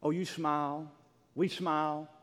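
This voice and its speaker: A pastor preaching a sermon in a church, emphatic, swinging between loud declarations and hushed, near-whispered lines. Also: male voice, a little high, little pitch movement, unhurried. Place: church sanctuary. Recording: long reverb of a large hall.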